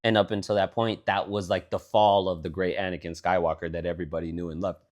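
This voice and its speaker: A man co-hosting a casual chat podcast who tells stories in an animated way and swears freely. His voice jumps from loud, high exclamations down to low muttering. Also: quick pace. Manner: animated, profane storytelling, swings between loud and low. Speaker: podcast co-host.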